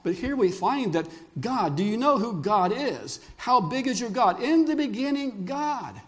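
A high, bright-pitched older man delivers a sermon. He tells stories with animation and keeps asking his listeners questions. He speaks as a pastor before a congregation in church. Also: unhurried. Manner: animated storyteller who asks the congregation questions.

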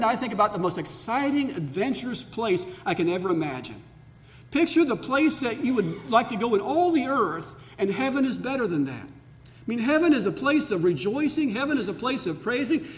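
A man's voice: very high-pitched, sing-song, a little fast. A man preaching a sermon as pastor, earnest, and his voice rises for emphasis. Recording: long hall reverb.

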